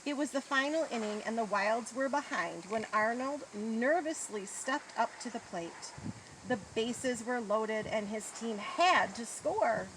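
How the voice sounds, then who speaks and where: A woman reading a children's story aloud in an expressive storybook tone. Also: on the high side, a little slow. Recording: noisy outdoor recording.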